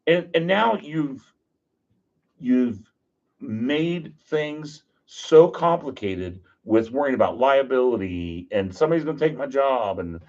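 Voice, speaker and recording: A man trades stories on a podcast, his middle-pitched voice lively and full of jokes, slipping into the voices of people he quotes. The audio sounds a bit dull and lo-fi. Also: slow pace. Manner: animated, jokey, acts out quotes. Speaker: podcast guest. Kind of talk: casual storytelling.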